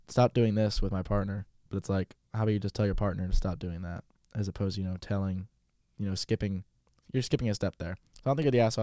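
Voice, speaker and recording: A man hosts a podcast in a casual, offhand way, blunt and a little profane, often restarting his sentences. His voice is low and dark, and he talks quickly. The sound is dry and close. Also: no room sound. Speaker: podcast host.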